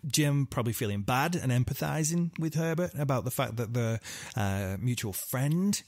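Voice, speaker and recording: A man's voice: mid-range voice, animated, moderate pace, dry recording, studio quality. Rambling man, casual podcast host. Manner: rambling, full of fillers and asides, swears casually. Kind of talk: casual true-crime podcast chat.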